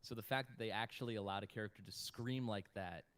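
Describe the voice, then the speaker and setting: Man, voice actor guest, casual livestream talk, bright tone, laughs a lot. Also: fairly low pitch, quick pace, smooth. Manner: chatty, swears casually, laughs often.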